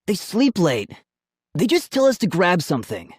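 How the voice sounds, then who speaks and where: A man voicing a greedy, cheeky teenage boy who talks loudly and turns defensive, in an audiobook reading. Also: high voice, wildly swooping pitch, normal speed, husky, no room sound, studio quality, voice pushed up, full character voice. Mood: excited. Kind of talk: audiobook character voice.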